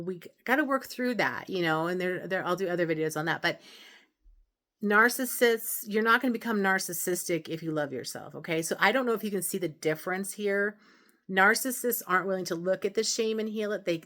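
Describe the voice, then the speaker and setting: A woman speaks in a slightly low register as she hosts a self-help video. She talks to camera in a casual, earnest way. She explains patiently, often restarting a phrase or adding an aside. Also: a bit bright. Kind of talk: casual advice talk to camera.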